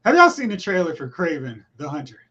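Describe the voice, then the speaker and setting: Animated joking man, lively pitch. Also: slightly rough, dull audio. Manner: animated, joking, quick asides. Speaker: podcast host. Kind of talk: casual movie chat.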